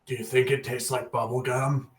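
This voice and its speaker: A man's voice: medium pitch, flat delivery, moderate pace, natural voice. A man playing a spacey dwarf. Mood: dreamy. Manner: dreamy, offbeat. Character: spacey dwarf mead-maker called Bird. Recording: roomy, off-mic.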